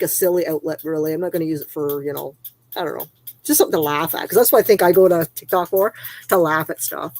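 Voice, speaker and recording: A woman's voice: on the low side, a little mellow. A woman hosting a casual livestream, chatting loosely, reading viewer comments aloud and laughing easily. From Canada. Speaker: livestream host.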